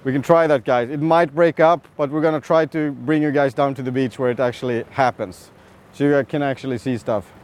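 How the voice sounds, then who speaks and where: A man's voice: mid-range voice, fairly even intonation, a little fast, slight background noise. A man with a Swedish accent hosting a casual live fishing stream from a boat, chatting with viewers and asking his guest questions. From Sweden. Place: on a boat at sea, outdoors.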